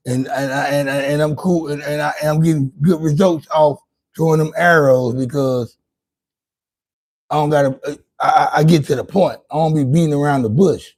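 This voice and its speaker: A man's voice: a little high, moderate pace, a little mellow. Rambling, profane man on a livestream. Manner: loose, profane, rambling talk with many restarts. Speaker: livestream host. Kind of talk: casual livestream monologue.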